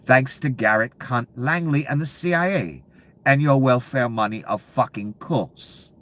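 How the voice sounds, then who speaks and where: A man delivering a profane, angry political rant to viewers, dropping to low mutters and then bursting out loud. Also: expressive, a little slow. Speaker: commentary channel host.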